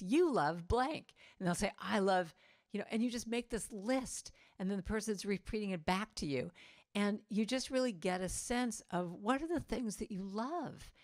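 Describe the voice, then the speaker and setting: A woman's voice: no room sound, studio quality. A middle-aged woman giving a storytelling talk to a congregation, chatty with lots of "you know," acting out quoted moments. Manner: warm, conversational, many "you know" fillers; acts out quoted moments with pitch jumps. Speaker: speaker at a spiritual center.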